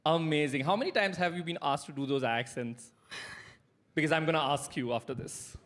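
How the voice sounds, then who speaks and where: A woman's voice: low voice, a little fast. A woman hosting a live on-stage interview, upbeat and cheering the crowd on. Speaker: interview host.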